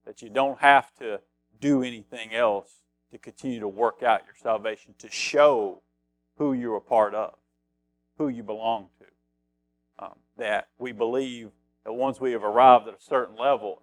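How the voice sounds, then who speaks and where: A man's voice: medium pitch, moderate pace, no echo. A middle-aged man preaching a conversational sermon as pastor, reading scripture aloud and repeating phrases for emphasis.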